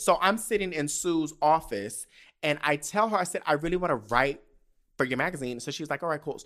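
A man's voice: a little high, animated, fairly quick, a bit bright. Young male podcast host, casual solo storytelling, candid and profane, emotional about his past. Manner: candid, profane, emotional, often tearful and laughing.

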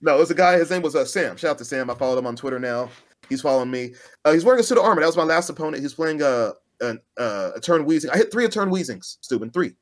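A man co-hosting a podcast in casual chat, an animated storyteller who acts out the voices of the people he quotes. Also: on the high side, quick pace. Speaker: podcast co-host.

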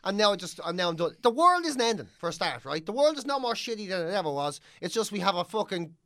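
A woman's voice: medium pitch, big pitch swings, quick pace, a bit bright, dry recording. Woman co-host, swearing rants, close dry mic. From Ireland. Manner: ranting, profane, mocks others in whiny voices. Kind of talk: casual chat.

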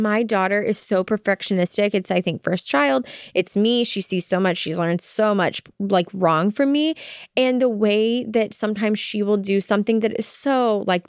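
A young adult woman co-hosting a casual parenting podcast, lively and acting out what she tells her kids. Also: mid-range voice, clean tone, no room sound, clean studio sound. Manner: animated, acts out quoted talk with her kids. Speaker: podcast co-host. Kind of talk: casual chat.

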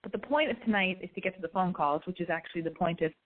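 A woman's voice: fairly low pitch, quick pace. A woman hosting a call-in podcast, brash, chatty and profane, with a slight lisp and allergy congestion. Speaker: call-in show host. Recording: tinny phone-quality sound.

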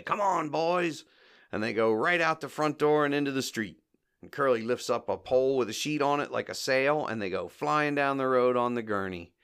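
A man's voice: fairly low pitch, creaky, a bit bright. A man hosting a podcast, casually retelling a comedy short scene by scene, acting out the quoted lines and laughing often. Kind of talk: casual recap commentary.

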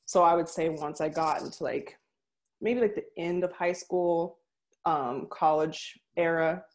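A woman's voice: deep voice, unhurried. A young woman in casual conversation, talking reflectively and laughing readily.

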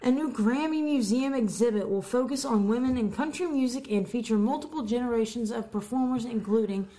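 A podcast co-host reads music news headlines in a casual chat, tossing in quick asides and occasionally tripping over words. Her voice is fairly high in pitch with a dark tone.

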